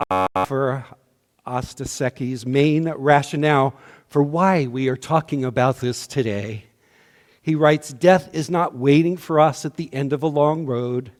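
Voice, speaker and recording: A man delivering a sermon as minister, slow and measured, his voice often dropping to a hush at the ends of lines. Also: medium pitch, big-room sound. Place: church sanctuary.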